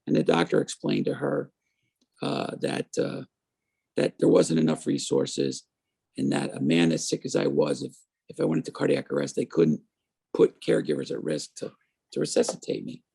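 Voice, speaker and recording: A man in his fifties, a guest on an interview show, telling his story in a lively way and acting out the voices of people he quotes. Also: mid-range voice, moderate pace, creaky, breathy edge. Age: 50s.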